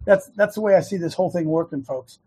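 Wearing earbuds, a talk show host delivers an earnest, casual monologue that swells into fervent shouting. His voice is fairly high and husky, and he talks quickly.

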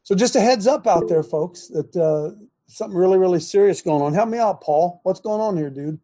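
A man's voice: sits high, fairly quick, mellow. An older man hosting a talk show, speaking emphatically, repeating himself and laughing in disbelief. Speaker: host. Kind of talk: talk radio commentary.

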